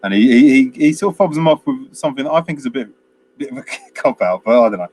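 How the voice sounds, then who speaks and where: A man's voice: medium pitch, expressive, fast talker, a little mellow, a little hiss or hum. Rambling man retelling a film. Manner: rambling, retells scenes with many quoted lines and fillers. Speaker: podcast co-host. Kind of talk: casual film review chat.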